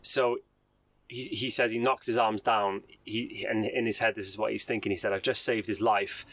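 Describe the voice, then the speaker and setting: A man's voice: fairly low pitch, little pitch movement, normal speed, fairly bright tone, poor audio. Man retelling a story in casual chat. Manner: retells a news story, reading out quotes with filler ums. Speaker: podcast co-host.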